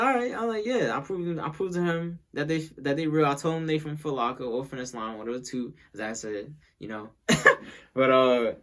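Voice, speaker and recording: A man's voice: medium pitch, a bit bright. A young man telling a casual storytime, rambling and repeating himself as he acts out what people said.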